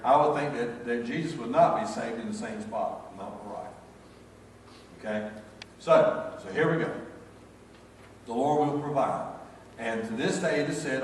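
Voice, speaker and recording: A man's voice: medium pitch, slight background noise. An older man with a Southern American accent preaching a folksy sermon full of personal stories, with rambling restarts. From North Carolina, USA. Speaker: pastor. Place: church sanctuary. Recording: echoey church hall, mic far off, faint ambience.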